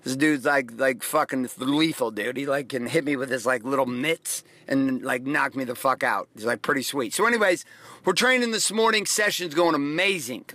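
A man's voice: medium pitch, moderate pace, pushed and bright, no echo. A middle-aged man hosting a podcast, telling profane, rambling stories in a casual motivational monologue. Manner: profane, rambling, emphatic storytelling. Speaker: podcast host.

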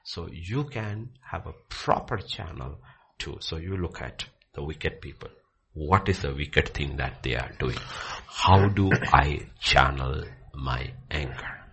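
A man teaching from the Bible with passion, dropping to hushed near-whispers and then rising to loud, excited bursts. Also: very deep voice, slow pace, breathy edge. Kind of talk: impassioned preaching in conversation.

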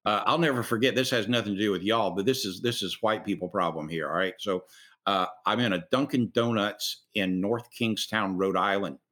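A man's voice: on the low side, normal speed, a bit bright. A man with a Southern accent, telling stories in a casual chat in an earnest, folksy way.

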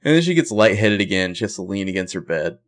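A man co-hosting a podcast, recapping a TV episode in an animated, profane, opinionated way. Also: low-pitched, quick pace. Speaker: podcast co-host. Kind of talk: casual TV recap chat.

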